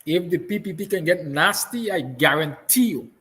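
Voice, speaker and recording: A Guyanese man with a slightly high voice holds forth in a fiery, emphatic monologue. He hammers his points home through repetition, and emotion sits close beneath his words. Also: animated, normal speed, poor audio. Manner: fiery, emphatic, repeats lines; soft, tender passages. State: emotional, near tears. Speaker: host. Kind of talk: impassioned monologue.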